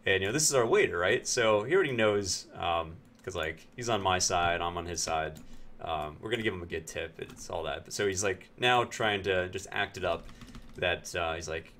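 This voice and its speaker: Man, from Pennsylvania, low voice, casual animated storytelling, acts out quoted lines, faint typing in the background. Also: moderate pace, a little hiss or hum. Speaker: game streamer.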